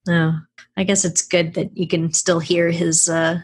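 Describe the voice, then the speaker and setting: Husky woman chatting, laughing often. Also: lowish voice, flat delivery, a little slow. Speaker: podcast co-host. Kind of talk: casual chat.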